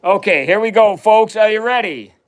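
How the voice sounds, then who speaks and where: A man from the United States hosts a casual chemistry livestream, chatting with viewers while running experiments and laughing often. His voice is high-pitched, and he speaks at a moderate pace.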